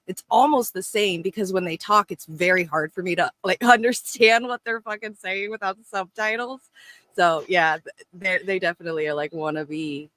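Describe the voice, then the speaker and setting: A man's voice: high-pitched, steady tone, moderate pace, sharp tone. A man co-hosting a casual political chat, swearing freely and laughing often. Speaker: co-host.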